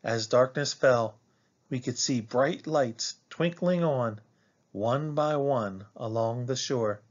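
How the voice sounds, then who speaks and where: A man reading a children's picture book aloud in a slow, expressive way, as a teacher for a class. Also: mid-range voice, dull audio.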